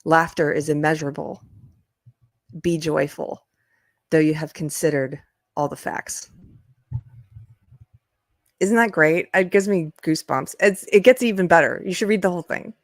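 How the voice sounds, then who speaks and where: A woman's voice: deep voice, moderate pace, pauses often, no room sound, studio quality. A woman hosting a casual live chat, rambling through stories and laughing often. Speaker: livestream host. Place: indoors, upstairs room.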